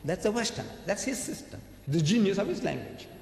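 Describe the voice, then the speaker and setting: A man's voice: high voice, very animated, fairly quick, vocal fry, background noise. Emphatic man preaching in an echoing hall. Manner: emphatic, rhetorical, asks and answers his own questions. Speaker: preacher lecturing an audience. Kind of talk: sermon-style religious lecture. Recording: echoey hall recording.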